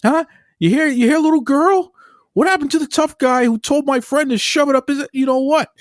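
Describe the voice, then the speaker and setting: A man's voice: fairly quick, no room sound, clean studio sound. A man doing an impression of a volatile, screeching mobster who taunts and bullies. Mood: taunting. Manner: shrill, taunting, bullying. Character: volatile screeching male mobster, impression of a famous actor's role.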